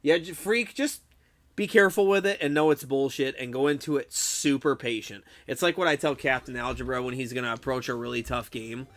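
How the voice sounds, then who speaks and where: A young adult man chats casually with viewers during a game live stream, laid-back, swearing a lot, laughing often, and saying "dude." His medium-pitched voice is fairly quick with a fairly bright tone.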